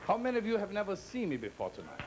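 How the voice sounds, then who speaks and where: A man's voice: high voice, huge pitch swings, racing, noisy background. A man performing a stand-up comedy routine, talking in a theatrical, playful way and teasing the audience.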